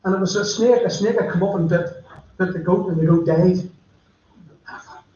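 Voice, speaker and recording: A man preaching, his voice sitting a bit high for a man. He tells stories in a chatty, direct way. The sound is very echoey and muffled, like a church livestream. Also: a little fast, warm tone, slight background noise. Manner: chatty storytelling, addressing listeners directly. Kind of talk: sermon.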